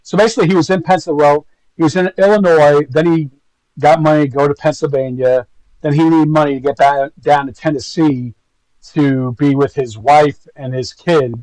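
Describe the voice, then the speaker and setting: A man's voice: on the high side, steady tone, normal speed, darkish tone, no room sound, poor audio. A man giving casual, rambling, gossipy commentary to his stream viewers. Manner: rambling, gossipy, full of fillers.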